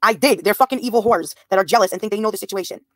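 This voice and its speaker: A woman in her thirties talking to her live chat, blunt and profane, answering comments as they come in. Her voice sits at an ordinary middle pitch for a woman. The sound is close and dry, with no room echo. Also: very fast. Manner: blunt and profane, addressing viewers' comments directly. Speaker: livestreamer. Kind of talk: live stream talk to chat.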